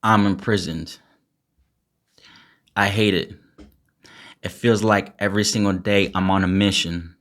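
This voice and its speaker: A young man with a somewhat low voice spits an a cappella freestyle. His delivery is intense and angry, heavy with swearing, and he later chats casually to his followers. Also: steady tone, a little slow, long pauses, fairly bright tone. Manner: intense and angry in the verse, chatty and laughing in the outro; swears heavily. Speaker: rapper and poet.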